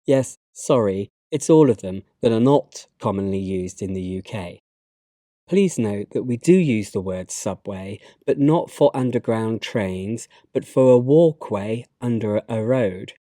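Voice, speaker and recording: A man with a British English accent, narrating a slide lesson and giving learners instructions in a measured, instructive way. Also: lowish voice, lively intonation, warm tone, dry recording, clean studio sound. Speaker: English teacher.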